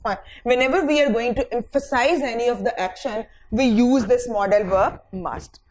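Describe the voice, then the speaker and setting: A woman's voice: fairly high pitch, normal speed, darkish tone, poor audio. A woman teaching English grammar in a recorded lecture, dictating example sentences word by word and checking in with "fine" between points, with a Pakistani English accent.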